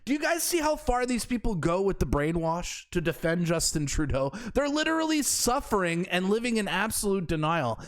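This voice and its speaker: A male commentator with a high voice that swings widely as he mocks and scoffs. He talks in a sarcastic, incredulous way, heaping scorn on his subject. This is opinionated commentary delivered straight to the viewer. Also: very animated, normal speed, few pauses. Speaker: political commentary host.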